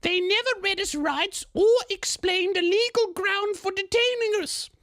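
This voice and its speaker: A man voicing a near-blind young English woman in a prim falsetto with an English accent, reading her own email for comedy. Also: unhurried, bright, forceful tone, no echo, clean studio sound, heavily acted.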